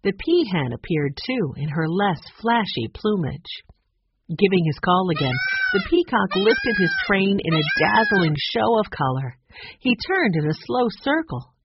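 A woman's voice: mid-range voice, a little slow, heavy background noise. A woman narrating a children's audiobook expressively, voicing each character differently. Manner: expressive, varies voices for characters. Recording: dry, slightly dull recording.

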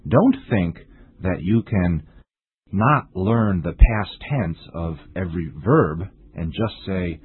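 A man teaching an English lesson in a slow, deliberate, strongly stressed scripted delivery, with a husky voice. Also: low-pitched, lively intonation, dry recording. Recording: tinny lo-fi dry recording.

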